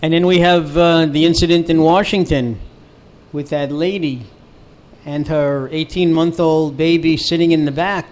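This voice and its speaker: A man's voice: on the high side, fairly even intonation, normal speed, darkish tone. A man co-hosting a casual talk show, trading dry jokes with the host. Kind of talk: casual call-in show chat.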